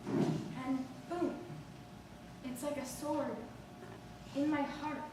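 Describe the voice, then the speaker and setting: Woman acting out a confessional stage monologue, very high voice, heard from a distance, steady background noise. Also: drawn-out words. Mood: distraught. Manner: emotionally charged, confessional storytelling. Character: restless, ungrateful woman stranded waiting, emotional. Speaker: stage actor performing a monologue. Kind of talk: theatrical monologue. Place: theater stage. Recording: distant echoey hall recording with background noise.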